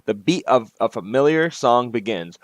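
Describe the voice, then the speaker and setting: A man's voice: mid-range voice, animated, normal speed, no room sound. Casual man reading his own game. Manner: casual, chatty asides and self-corrections. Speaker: game maker and narrator. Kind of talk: reading a self-made game aloud.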